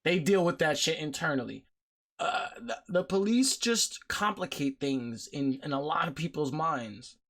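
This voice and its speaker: A man's voice: a little high, animated, a little slow, fairly bright tone. A man hosting a podcast discussion, talking bluntly and heatedly, with frequent swearing. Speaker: podcast host. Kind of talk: casual discussion.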